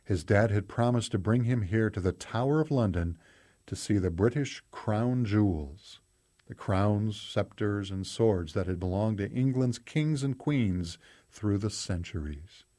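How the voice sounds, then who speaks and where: A man reading a children's devotional aloud as a scripted narration, telling a story and then asking gentle questions. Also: lowish voice, animated, measured pace. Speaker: devotional host and reader.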